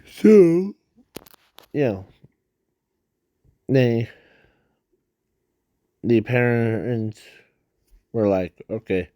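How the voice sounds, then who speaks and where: A man rambles through his idea at a very slow, halting pace, stopping and restarting often. His voice is dark and mellow, and he is breathing hard. The recording is dry and close, with no room sound. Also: medium pitch, no echo. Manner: halting, many fillers and restarts. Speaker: fan video creator. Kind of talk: casual rambling explanation.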